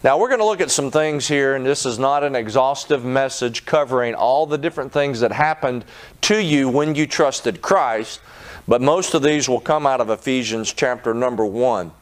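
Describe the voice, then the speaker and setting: A middle-aged man, a pastor, preaching a sermon in an earnest way, rising in pitch when he presses a point. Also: normal speed.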